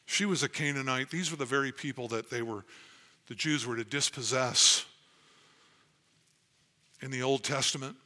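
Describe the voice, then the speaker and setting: A man's voice: medium pitch, normal speed, long pauses, pushed and bright. A man preaching a sermon as pastor, earnest and emphatic as he reads and explains scripture.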